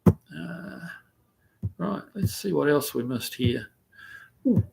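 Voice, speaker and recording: A man with a New Zealand accent, living in the United States, hosts a casual livestream in a medium-pitched, expressive, gravelly, slightly mellow voice. He speaks slowly, reading viewer comments aloud in a rambling, easygoing way full of ums and uhs.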